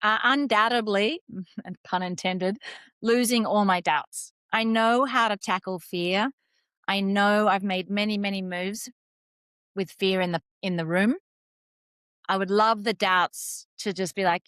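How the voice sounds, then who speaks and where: An Australian woman with an Australian accent appears as a life coach guest, chatting warmly and laughing easily in a casual interview. Her voice is medium-pitched, a little slow and smooth, with no room sound.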